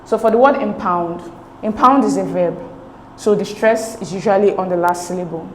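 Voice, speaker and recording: A woman's voice: mid-range voice, moderate pace, echoey room, slight background noise, rough recording. A woman tutoring an English exam lesson, explaining each answer step by step and checking in with "okay?" as she goes. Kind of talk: recorded exam-prep lesson.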